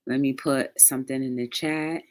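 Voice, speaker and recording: Low-voiced woman hosting a livestream. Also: normal speed. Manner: greets viewers by name in a high excited voice; reflective and heartfelt between greetings. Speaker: livestream talk show host. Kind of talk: casual livestream chat.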